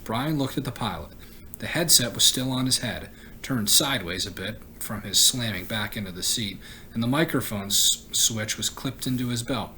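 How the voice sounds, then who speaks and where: Teacher reading a chapter book aloud, mid-pitched, even, slight slips. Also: male voice, moderate pace, slight background noise, poor audio. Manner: steady reading with occasional stumbles and self-corrections.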